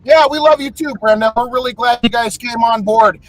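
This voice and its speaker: A male podcast host with a notably high voice, chatting loosely and joking around. He rambles from one thing to the next and now and then breaks into loud bursts. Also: brisk, no echo, low-quality recording. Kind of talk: casual podcast chat.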